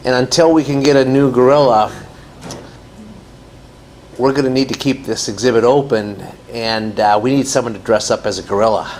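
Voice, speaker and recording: A man's voice: mid-range voice, moderate pace, darkish tone, slight background noise, lightly acted. A man voicing a matter-of-fact male zookeeper in a told joke.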